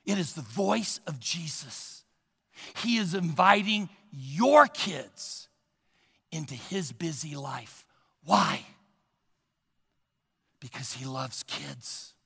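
A man preaches a sermon in a high, bright and gravelly voice, his words ringing through a hall with a long reverb. He speaks slowly, poses rhetorical questions to the congregation and tells a story dramatically, swinging between loud and hushed. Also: expressive. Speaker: pastor.

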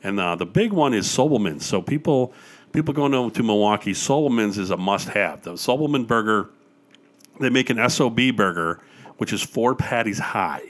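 A man's voice: fairly low pitch, animated, moderate pace. An older man from Wisconsin, chatting as a guest and telling stories eagerly, with plenty of "uh"s along the way. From Wisconsin, USA. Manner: enthusiastic storyteller with frequent fillers. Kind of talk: casual chat.

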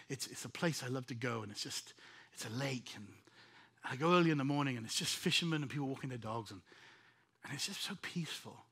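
Impassioned husky preacher. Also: male voice, a little high, sharp tone. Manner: impassioned, prophetic, addresses listeners by name. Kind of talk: sermon.

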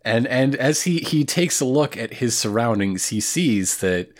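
A man co-hosting a podcast, recapping an anime in casual chat, animated and laughing often. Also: mid-range voice, measured pace. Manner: animated, laughs often, puts on voices for quotes. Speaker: podcast co-host.

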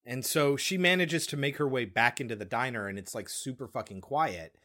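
A man's voice: medium pitch, a little fast. A man casually recapping a horror film on a podcast, swearing and acting out scenes. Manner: animated storyteller, swears, slips into voices. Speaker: podcast co-host.

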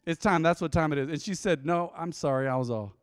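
Male pastor, forties, high lively voice, storytelling sermon, dry close sound. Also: fast, smooth, dry recording. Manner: lively storytelling, acting out dialogue.

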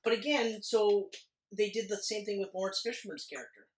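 A man's voice: high-pitched, steady tone. A man co-hosting a podcast, chatting casually and jokingly about a movie, rambling and laughing often. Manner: jokey, rambling, quick to laugh. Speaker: podcast co-host. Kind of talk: casual movie review chat. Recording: echoey room.

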